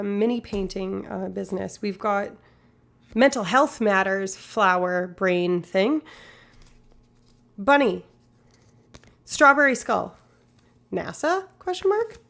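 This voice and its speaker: A woman's voice: medium pitch, slow pace, creaky, a bit bright. A woman streamer in rambling, casual live-stream chat, swearing now and then.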